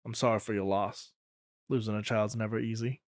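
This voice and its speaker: A man voicing a soft-spoken older serpent traveler in a tabletop game, speaking slowly and gently in a hushed voice. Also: on the low side, little pitch movement, no room sound, studio quality, pitched below the performer's own voice, lightly acted. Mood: consoling.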